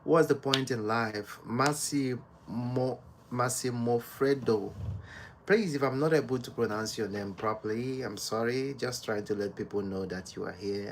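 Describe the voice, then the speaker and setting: Slow, soft-spoken man chatting on a livestream. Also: medium pitch, creaky, slight background noise. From Nigeria. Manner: soft-spoken, slow and unhurried, greets viewers by name. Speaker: livestream host. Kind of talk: casual live-stream chat with viewers. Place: home.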